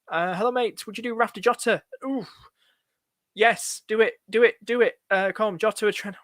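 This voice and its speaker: A man hosting a live fantasy football stream, answering viewers' questions in a rushed, excitable way and calling everyone "mate". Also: high voice, no room sound. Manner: excitable, rushed, repeats himself, says "mate" a lot.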